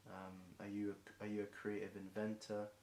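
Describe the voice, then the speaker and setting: A young streamer from England freestyles through a marathon song at moderate speed, his low voice monotone and a little worn. He stumbles, restarts and corrects himself amid lots of ums as hoarseness sets in. Faint hiss and room echo surround him.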